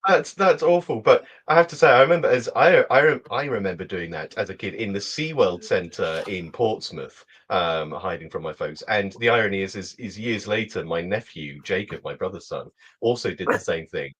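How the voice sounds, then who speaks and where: A man's voice: fairly low pitch, moderate pace, few pauses, slightly rough. A man co-hosting a podcast in upbeat, jokey casual chat. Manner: upbeat, jokey, animated opener. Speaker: podcast co-host.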